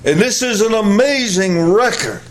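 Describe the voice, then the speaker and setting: A male pastor preaching a sermon, emphatic and repetitive, swinging between high loud peaks and low quiet drops. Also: lively intonation, moderate pace, slight background noise. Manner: emphatic, repeats phrases for weight.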